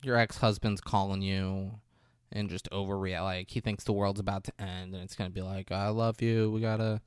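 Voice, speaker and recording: A man's voice: low-pitched, flat delivery, normal speed, clean tone, dry recording, studio quality. A man co-hosting a podcast, retelling a movie scene by scene with playful quoted voices and casual swearing. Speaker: podcast co-host. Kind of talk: casual movie recap chat.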